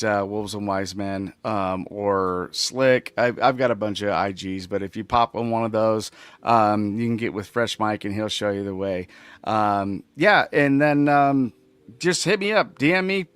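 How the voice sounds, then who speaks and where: A man guesting on a live podcast, excitedly rambling with lots of ums and restarts. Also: lowish voice, measured pace, clear, resonant tone, no echo. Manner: excited, rambling, full of fillers. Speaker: guest, co-host of another show.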